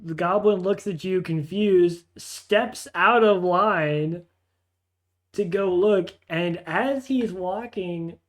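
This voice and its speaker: Hesitant male game master. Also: high voice. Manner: hesitant, many fillers and restarts. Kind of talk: narrating a tabletop game.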